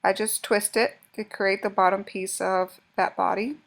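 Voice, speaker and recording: A woman's voice: mid-range voice, fairly even intonation, moderate pace, vocal fry. A woman hosting a craft tutorial, explaining each step casually while she works, often restarting her sentences. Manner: casual, talks while working, frequent restarts.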